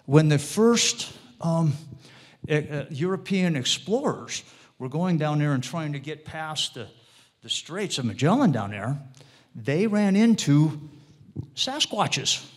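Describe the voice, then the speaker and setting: A man's voice: fairly high pitch, big pitch swings, slow. A man speaks in a slightly raised register as he lectures a live room in a loose, digressive way. He keeps turning to his listeners with little tag questions. His thoughts restart and wander as he goes. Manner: rambling, digressive delivery with restarts. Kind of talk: informal lecture to a live audience.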